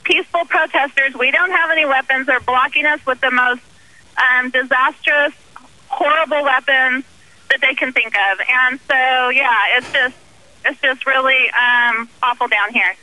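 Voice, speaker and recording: A woman's voice: sits high, steady tone, a little slow, bright, forceful tone, low-quality recording. A woman activist speaking by phone in an interview, earnest and indignant, with many ums. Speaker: guest activist.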